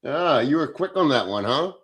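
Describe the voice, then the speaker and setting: A man's voice: fairly high pitch, big pitch swings, moderate pace, fairly bright tone. Blunt, profane man streaming. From Philadelphia, USA. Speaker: livestream host. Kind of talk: casual livestream chat reading comments.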